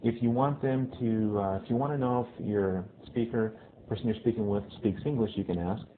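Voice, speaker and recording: A male Spanish teacher giving a casual video lesson who often checks in with "okay?" and repeats phrases slowly. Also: lowish voice, steady tone. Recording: tinny phone-like lo-fi audio with faint hiss.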